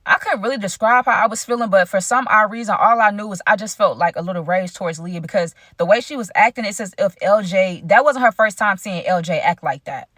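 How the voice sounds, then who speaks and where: A woman's voice: mid-range voice, fairly quick, hardly any pauses, a bit bright, dry recording. Dramatic woman telling a story, dry and close. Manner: dramatic, talks straight to viewers. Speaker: storytime vlogger. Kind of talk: casual storytelling to viewers.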